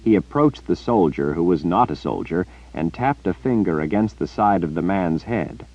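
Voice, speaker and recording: A man with a very low voice narrates an audiobook, with lively swings in pitch that keep the story moving. The sound is dry and close, a little dull in the highs. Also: moderate pace, hardly any pauses, no echo.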